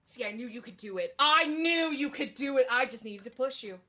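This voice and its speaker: A pushy male film director, smug and coaxing, with a bright, forceful edge to his talk, as a woman game master puts him on. He sits higher in pitch than most men, and the tabletop-game scene stays lightly voiced. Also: quick pace.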